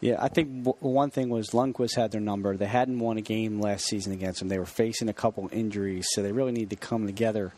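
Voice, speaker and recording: A man co-hosting a sports radio show, giving thoughtful analysis in a relaxed way. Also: on the low side, fast talker, few pauses. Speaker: radio co-host.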